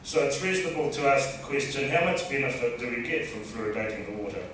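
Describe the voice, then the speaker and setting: Man with a New Zealand accent, dentist lecturing, dry and measured; heard from afar in a very echoey hall. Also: medium pitch, fairly even intonation, fairly bright tone, a little hiss or hum. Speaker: dentist giving a talk. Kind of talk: lecture presentation. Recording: distant echoey hall mic.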